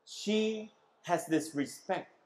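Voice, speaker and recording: A man's voice: sits high, slow pace, a little mellow, reverberant, poor audio. A man preaching a sermon as pastor, emphatic, asking the congregation questions and having them repeat words after him.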